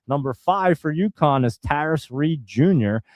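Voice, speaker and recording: Excitable chatty man, fairly high voice. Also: measured pace, no echo. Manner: chatty and excitable, talks to viewers as guys. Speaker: stream host. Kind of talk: casual live play-by-play commentary.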